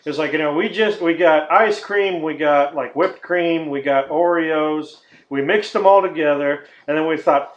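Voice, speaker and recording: A man from Texas co-hosting a podcast in casual, profane chat, loud and quick to laugh, ranting in put-on voices. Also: a little high, highs cut off. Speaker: podcast co-host. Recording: roomy echo.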